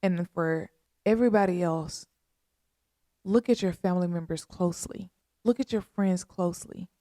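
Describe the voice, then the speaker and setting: A woman hosting a podcast, making a heartfelt spoken appeal in a slow, earnest, pleading way with a lot of repetition. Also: on the low side, mellow, no room sound, clean studio sound. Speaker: podcast host.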